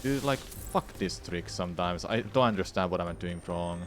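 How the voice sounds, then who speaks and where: A man's voice: low-pitched, normal speed, slight background noise. A young man streaming a speedrun, talking and swearing to himself in frustration while he plays. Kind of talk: live streaming commentary while playing.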